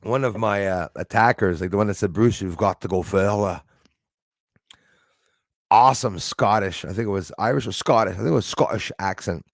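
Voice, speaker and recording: A man's voice: lowish voice, fast talker, creaky, hardly any pauses, no room sound, clean studio sound. A man in his forties hosting a live stream, chatting loosely and chuckling often as he answers viewer comments. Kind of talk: casual chat reading viewer comments.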